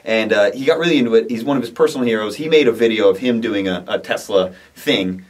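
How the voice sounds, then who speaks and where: Husky-voiced man chatting upbeat, off-mic. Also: lowish voice, fast. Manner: upbeat, rambling, restarts often. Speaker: co-host of a comedy rap video series. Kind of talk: casual chat. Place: their recording studio. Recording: voice a bit far from the mic.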